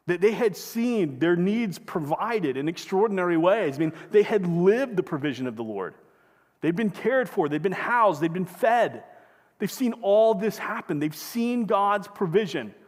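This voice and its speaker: A man with a fairly high voice delivers a sermon from the pulpit. He talks in a conversational way and keeps asking the congregation questions. His words ring out with a long echo in a worship hall. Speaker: pastor. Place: church sanctuary.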